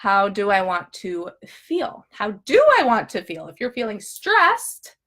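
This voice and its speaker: A woman's voice: mid-range voice, sing-song, a little slow, fairly bright tone. A woman coaching viewers in a live talk, upbeat and chatty, often checking in with "okay?" and acting out her own inner thoughts with drama. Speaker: emotional eating coach.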